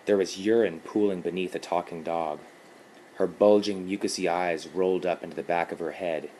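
A man narrating a horror story in a calm, measured reading. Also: sits low, a little hiss or hum.

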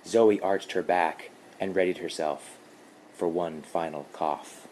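Slow, low-voiced man reading horror. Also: steady tone, background noise. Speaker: narrator. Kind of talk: scripted horror narration.

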